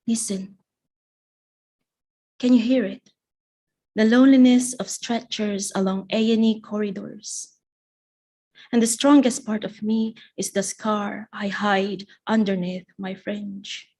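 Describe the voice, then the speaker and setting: Woman poet reading her poem live, slow and measured, every line spaced out. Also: mid-range voice, steady tone, dark tone. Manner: slow, measured, deliberate recitation.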